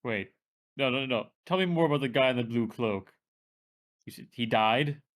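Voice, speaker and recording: Male tabletop player, mid pitch, quick, interrupting.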